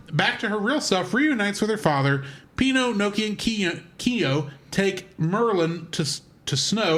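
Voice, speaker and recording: High-voiced man reading a plot recap. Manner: steady read-aloud delivery with small slips. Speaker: podcast co-host.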